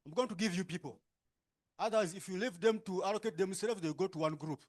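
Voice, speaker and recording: A man with a high-pitched voice and a Ugandan English accent leads a workshop session in a conference room. He gives brisk instructions and keeps checking with tag questions. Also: a little mellow. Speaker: workshop facilitator. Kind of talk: directing participants into groups.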